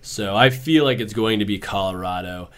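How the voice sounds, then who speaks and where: A man co-hosting a sports podcast, giving measured takes in a relaxed, conversational way. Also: lowish voice, smooth. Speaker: podcast co-host. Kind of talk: casual sports talk.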